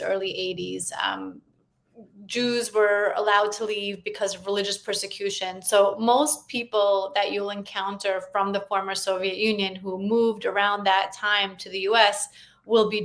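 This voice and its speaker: A woman's voice: medium pitch, fairly bright tone. A woman in her forties, born in Russia and raised in the US, answering interview questions in an earnest, conversational way. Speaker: guest, columnist.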